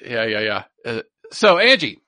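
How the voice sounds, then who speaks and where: A man's voice: medium pitch, very animated, unhurried, pushed and bright, no echo. A man in his thirties co-hosting a podcast in casual chat, enthusiastic and repeating words for emphasis. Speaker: podcast co-host.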